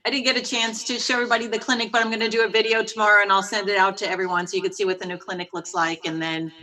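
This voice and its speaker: A woman's voice: medium pitch, level tone, very fast, pushed and bright, poor audio. A woman from the clinic giving plain, grateful closing thanks to donors. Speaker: clinic representative. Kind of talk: closing thank-you remarks.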